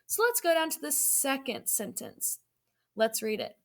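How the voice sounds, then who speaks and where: A woman teaching an online grammar lesson to young children, speaking slowly and clearly with encouragement. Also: high voice, very animated. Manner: slow, clear and encouraging, reading sentences aloud.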